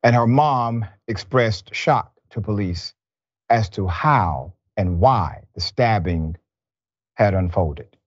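A male show host delivering news commentary in a somber, deliberate manner. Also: on the low side, animated, dry recording, muffled recording.

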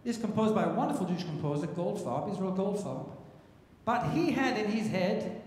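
A man's voice: high voice, expressive, moderate pace. A man, a cantor and composer, telling stories and teaching the audience in a chatty, humorous way. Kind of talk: storytelling lecture to a synagogue audience. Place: large synagogue sanctuary. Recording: echoey sanctuary with long reverb, faint noise.

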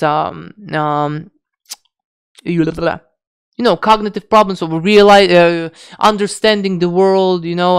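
Profane, blunt man with a smooth voice. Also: high-pitched, fairly bright tone. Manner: profane, blunt, many restarts and fillers. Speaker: diet vlogger. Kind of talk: unscripted rant to camera.

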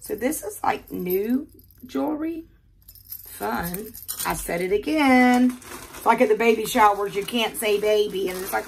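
An older woman from the American South with a Southern accent, chatting casually and talking fast while she unboxes jewelry in her quiet bedroom. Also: medium pitch, gravelly, slight background noise.

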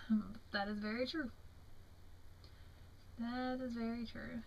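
A young woman with a Southern American accent, a crafting vlogger, casually shows off craft mail at home, chatting admiringly in a slow, drawn-out way while tired and yawning. Her voice is a little high and level in tone, on a rough recording with slight background noise.

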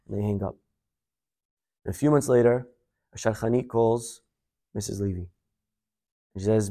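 A male rabbi giving a sermon, telling a story in an animated, conversational way. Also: lowish voice, normal speed, pauses often.

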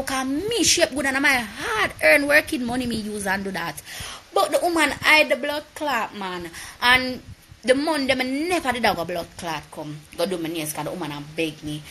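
Forceful, heated Jamaican woman ranting. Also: a little high, a little hiss or hum. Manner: animated, profane, heated storytelling. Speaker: vlogger. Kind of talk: live rant to viewers.

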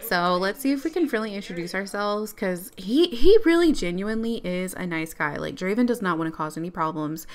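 A woman doing let's play commentary on a life-sim game, excitable and quick to exclaim and laugh. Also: medium pitch. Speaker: gamer.

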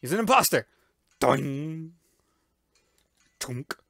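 A gaming YouTuber doing let's-play commentary, loud and excitable, with playful yelps, silly noises and sound effects. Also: mid-range voice, normal speed, no echo.

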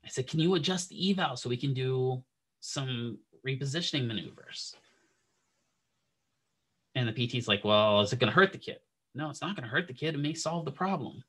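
A man's voice: mid-range voice, moderate pace, husky. A man teaching physical therapy, telling a long clinical story in a casual lecture style and acting out the dialogue as he goes. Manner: animated anecdote-telling, acts out quoted dialogue.

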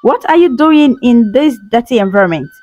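Woman doing cruel bully boys, jeering, yelling, fairly high voice, storybook tale. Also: expressive, normal speed, no room sound, muffled recording, soft background music. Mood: mocking. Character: mocking village boys, cruel bullies.

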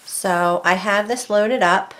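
A woman's voice: medium pitch, slow pace. Chatty woman teaching craft painting. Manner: chatty, rambling, muttering softly while concentrating. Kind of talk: casual painting tutorial. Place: home craft desk.

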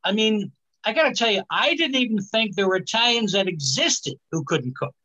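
A male stand-up comedian on a live stage, delivering his set with a halting manner and many "uh" fillers. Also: high-pitched, animated, bright, forceful tone, muffled recording. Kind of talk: stand-up routine.

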